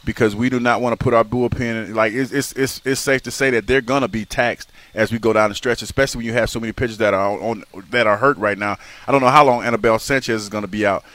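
A man co-hosting a live sports radio show, telling stories in an animated way and often repeating and restarting phrases. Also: medium pitch, fast, hardly any pauses, no echo. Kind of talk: casual sports radio banter. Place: live remote broadcast at a racetrack. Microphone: broadcast microphone.

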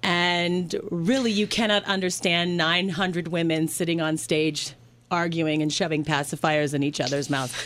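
A woman's voice: lowish voice, steady tone, normal speed, fairly bright tone. A woman hosting a podcast in casual chat, laughing often as she talks. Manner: giggly, chatty. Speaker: podcast host.

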